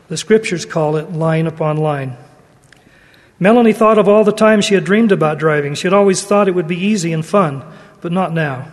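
A man gives an earnest sermon, his voice notably high for a man and his delivery measured. Each phrase trails off into the long reverb of a large hall. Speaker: religious speaker. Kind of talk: sermon with read-aloud story.

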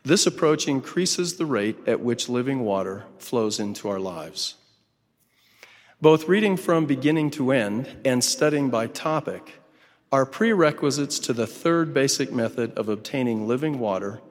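Measured male preacher in a reverberant hall. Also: medium pitch, expressive. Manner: measured, emphatic delivery with deliberate lists. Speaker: church speaker. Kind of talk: sermon.

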